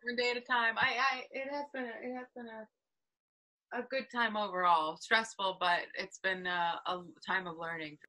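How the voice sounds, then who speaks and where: A young woman hosting a casual podcast chat, playful and quick to laugh. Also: medium pitch, steady tone, pushed and bright. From North Carolina. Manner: giggly, playful. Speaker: podcast host.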